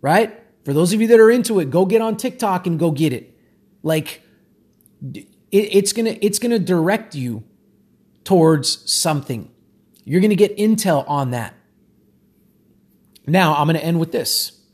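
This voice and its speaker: Husky-voiced man giving emphatic pep talk. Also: high-pitched, animated, moderate pace, long pauses, darkish tone. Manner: emphatic, repetitive, conversational. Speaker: self-help speaker. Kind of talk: motivational monologue.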